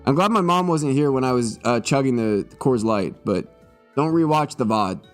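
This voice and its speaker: Animated joking male streamer, slightly tipsy. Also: medium pitch, moderate pace, soft background music. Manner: joking, swearing, mock-serious. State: a little tipsy. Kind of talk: comedic live-stream monologue.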